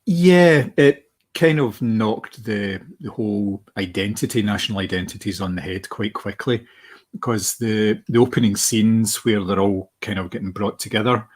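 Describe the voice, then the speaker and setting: A man talks through a film on a podcast, rambling and restarting his sentences as he goes. His voice sits low and has a husky edge. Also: moderate pace. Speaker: podcast co-host. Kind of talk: casual film discussion.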